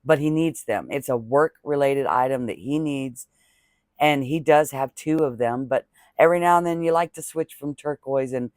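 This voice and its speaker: A man's voice: medium pitch, dry recording, studio quality. A man chatting casually to camera as a crochet vlogger, rambling and heartfelt, thanking viewers with religious blessings. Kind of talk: casual talking-to-camera vlog chat.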